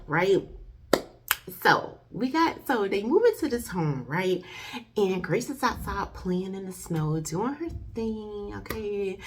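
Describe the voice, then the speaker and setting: A woman's voice: mid-range voice, background noise. A woman chatting casually as she reviews a movie for her channel, talking to her viewers as "y'all". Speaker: faith-based movie reviewer. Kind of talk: casual video review chat.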